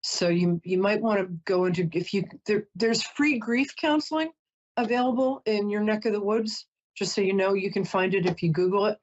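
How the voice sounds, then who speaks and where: A woman's voice: medium pitch, moderate pace, dull audio. A woman giving a live call-in psychic reading, chatty and emotional, often breaking off to apologize. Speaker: psychic reader.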